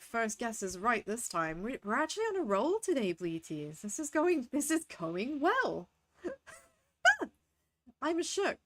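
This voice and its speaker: With a high-sitting, fairly bright voice, a woman gives casual commentary as she streams a game. She's chatty, reading game lines and talking to her viewers in between.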